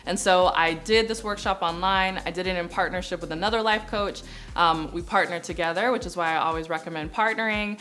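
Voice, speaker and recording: Bright-voiced young woman telling her story. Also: lowish voice, fairly quick, faint music behind. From United States. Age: young adult. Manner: animated storyteller, acts out quoted voices. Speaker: YouTube business coach. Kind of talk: storytelling vlog.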